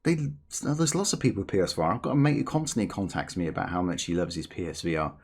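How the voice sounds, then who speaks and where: A man hosting a gaming channel, ranting in rambling, animated commentary with many restarts. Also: sits low, fast.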